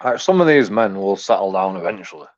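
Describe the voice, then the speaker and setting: A man's voice: deep voice, lively intonation, brisk, dull audio. A man, ranting in a rambling, crude, profanity-heavy way as he reacts to a clip. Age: 40s. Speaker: commentator. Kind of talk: casual reaction rant.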